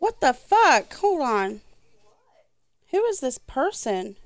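A high-voiced middle-aged woman chats through a gaming livestream, talking in an unhurried drawl. She swears freely and sings along to bits of songs. The sound is close and dry, with no room around it. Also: very animated, no room sound. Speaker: streamer. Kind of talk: casual gaming livestream chat.

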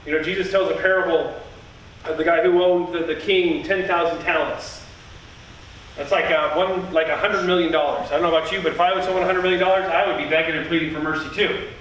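Brief: high-pitched male preacher, earnest and emphatic, recorded from a distance in a very echoey sanctuary. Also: fairly even intonation, fast, a bit bright, slight background noise. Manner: earnest, emphatic, with repeated phrases. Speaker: pastor. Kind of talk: sermon. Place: church sanctuary. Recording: echoey church heard from a distance.

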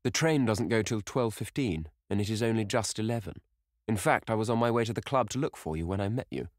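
A man voicing an earnest painter who speaks in a grave, deep voice to a friend he worries about. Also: brisk, no room sound, clean studio sound, lightly acted. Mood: friendly.

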